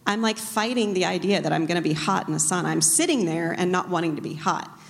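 A woman's voice: on the low side, quick pace, gravelly. A woman speaking casually at a church talk, chatty and self-deprecating as she tells a personal story. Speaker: co-speaker, pastor's wife. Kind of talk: casual sermon talk with anecdotes. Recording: long reverb of a large hall.

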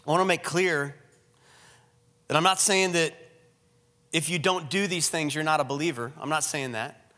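A man's voice: a little high, moderate pace, long pauses, sharp tone. A man preaching as pastor, earnest and emphatic, repeating phrases for emphasis. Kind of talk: sermon. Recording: echoey hall with long reverb.

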